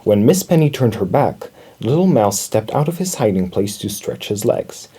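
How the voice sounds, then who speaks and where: A man reading a children's storybook aloud in an expressive storytelling manner. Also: lowish voice, moderate pace, husky. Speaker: storybook reader.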